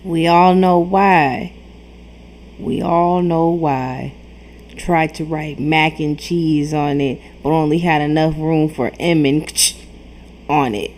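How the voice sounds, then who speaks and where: Slow, teasing woman commentator. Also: sits low, fairly even intonation, a little mellow, slight background noise. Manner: teasing, laughs at him. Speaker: reaction commentator. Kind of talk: mocking commentary over clips.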